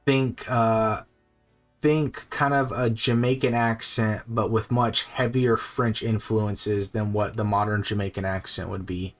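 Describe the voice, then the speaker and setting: A man running a tabletop game as game master, narrating scenes in slow, descriptive, pausing speech. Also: lowish voice, fairly even intonation, soft background music. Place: home streaming setup.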